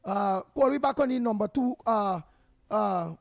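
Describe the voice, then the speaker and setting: A Trinidadian man hosting a call-in radio show, emphatic and sometimes shouting. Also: high voice, measured pace, creaky, dry recording. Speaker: radio host.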